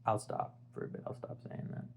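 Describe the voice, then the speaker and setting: Fairly quick and darkish in tone, this young man's voice comes through a rough recording with a little hiss or hum. He's a music video essayist discussing an album off the cuff, rambling with lots of filler, restarts and word searching.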